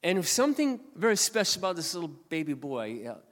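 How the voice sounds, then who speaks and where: A man pastor telling a story in a sermon, often clearing his throat as he retells conversations. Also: a little high, very animated, fast talker, a bit bright. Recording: long hall reverb.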